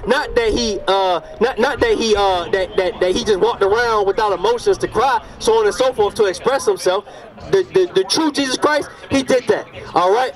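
A man's voice: high-pitched, normal speed. A man preaching an emphatic outdoor street sermon, repeatedly checking that his listeners understand. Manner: emphatic, repeats "you understand" and "all right". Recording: distant outdoor street recording.

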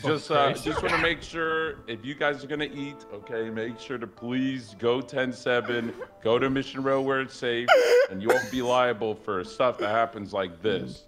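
A man's voice: medium pitch, moderate pace, a bit bright, faint music behind. A man in character as a police officer, delivering a mock-stern briefing to colleagues. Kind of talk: in-character role-play.

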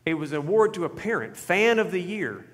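A male pastor preaching a sermon, telling a story and dropping to quiet emphasis on key points. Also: sits high, very animated, brisk. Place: church sanctuary. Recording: reverberant church hall.

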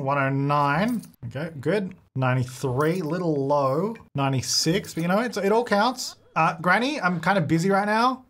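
A young gaming YouTuber plays a life-sim game, chatting with its characters and offering casual, joking commentary. His voice sits on the high side and is a bit bright.

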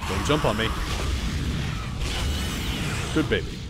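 A man's voice: lowish voice, expressive, slow. A man streaming a horror video game, joking and chatting casually as he plays and talks back to the game. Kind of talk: casual gameplay commentary. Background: game music.

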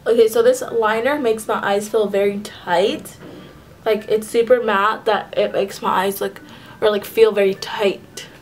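A woman's voice: medium pitch, fairly even intonation, unhurried, a little hiss or hum, poor audio. A young woman talking through a casual makeup tutorial in a chatty way, often stopping to correct herself mid-phrase. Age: young adult. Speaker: beauty vlogger.

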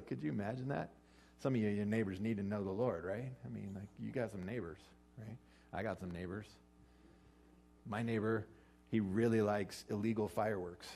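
A man preaching a casual, joking sermon, acting out quotes with sudden jumps in pitch. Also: moderate pace, gravelly, dark tone, breathy edge. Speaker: pastor. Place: church or hall with an audience eating lunch.

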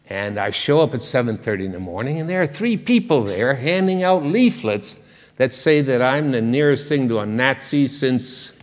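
Older man lecturing in a reverberant hall. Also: medium pitch. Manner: wry, conversational, self-deprecating humor. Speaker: guest lecturer. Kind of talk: public lecture.

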